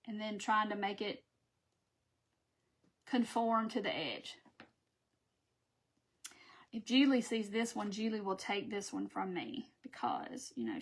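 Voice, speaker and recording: A woman's voice: medium pitch, creaky. A woman hosting a live craft stream, chatting with viewers as she works and laughing at her own stumbles. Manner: chatty, laughing at herself, talking to viewers while working. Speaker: craft host.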